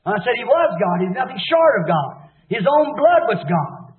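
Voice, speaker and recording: A man preaching an impassioned revival sermon, fervent, swinging between shouts and hushed low passages. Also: sing-song, moderate pace. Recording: echoey, tinny old sermon tape.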